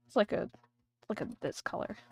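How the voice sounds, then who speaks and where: A woman's voice: fairly quick, no room sound, faint music behind. A woman streamer chatting casually and rambling while she draws on a livestream. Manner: chatty, rambling, thinking aloud.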